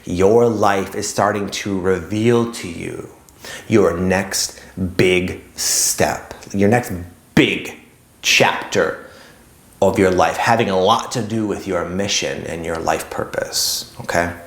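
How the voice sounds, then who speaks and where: Low-voiced man in an echoey room. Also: steady tone, slow pace. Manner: rambling, full of "like" and "kind of". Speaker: spiritual YouTube host. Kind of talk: casual spiritual talk to camera.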